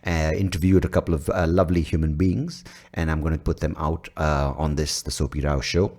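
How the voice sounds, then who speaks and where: An Indian-accented man hosts a solo comedy podcast, speaking a little fast in an extremely low, slightly mellow voice with little pitch movement. He's rambling, crude and self-mocking, recorded on a studio mic with a pop filter.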